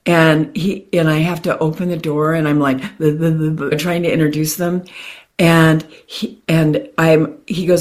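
Low-voiced woman telling a story. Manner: animated, quick bursts with repeated restarts. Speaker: guest. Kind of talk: personal storytelling in an interview.

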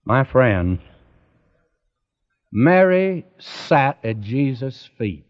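Earnest preacher man, slow and lively. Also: medium pitch, lo-fi sound. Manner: earnest, direct address to listener. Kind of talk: radio Bible sermon.

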